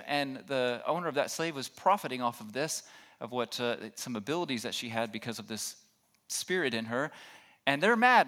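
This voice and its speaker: A man's voice: fairly high pitch, fairly bright tone. A man preaching a sermon in a conversational way, asking the congregation questions and acting out reactions. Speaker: pastor.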